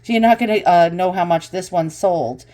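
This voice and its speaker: A woman vlogger talking through an unboxing and price research, often breaking into excited exclamations. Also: on the low side, moderate pace. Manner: excitable, exclaims over finds.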